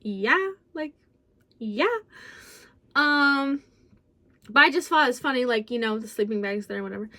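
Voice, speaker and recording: A young woman telling her followers a story in a casual, rambling vent, packed with "like" and swinging between low mutters and loud exasperated bursts. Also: unhurried, long pauses. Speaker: vlogger. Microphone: phone close by.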